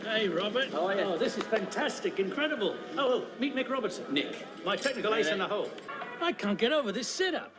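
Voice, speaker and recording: Loud gushing film charmer, high voice that swoops all over. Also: male voice, very animated, quick pace, over music. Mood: effusive. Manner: boisterous, effusive. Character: brash jovial man greeting old friends at a hotel. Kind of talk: film dialogue.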